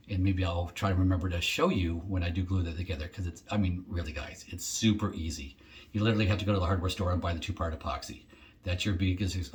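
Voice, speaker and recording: A middle-aged man chatting casually through an unboxing, rambling and thinking aloud with frequent ums. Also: deep voice. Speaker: shaving vlogger.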